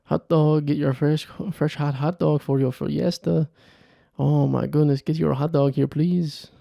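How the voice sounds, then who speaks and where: A man voicing a shy, soft-spoken male hot dog vendor who pleads quietly. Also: a little high, fairly even intonation, unhurried, gravelly, dry recording, lo-fi sound. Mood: meek.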